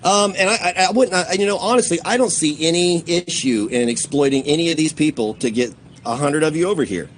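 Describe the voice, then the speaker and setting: A man on a livestream goes off in an angry rant, swearing freely. His voice jumps up into heated outbursts and then drops into low, bitter muttering. Faint noise hums under the recording. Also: fairly quick, few pauses.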